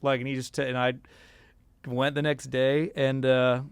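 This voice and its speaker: Animated male musician telling stories. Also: mid-range voice, normal speed, clean tone, no echo. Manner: animated, lots of fillers and acted quotes. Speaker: guest musician. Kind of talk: casual storytelling interview.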